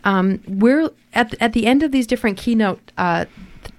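A woman's voice: on the high side, moderate pace. A woman hosting a community radio talk show, interviewing guests with a hesitant, filler-heavy manner.

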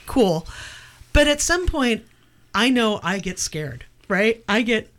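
A woman's voice: mid-range voice, sing-song, unhurried. A woman hosting a radio talk show, effusive and admiring in her questions, laughing often. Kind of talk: radio interview.

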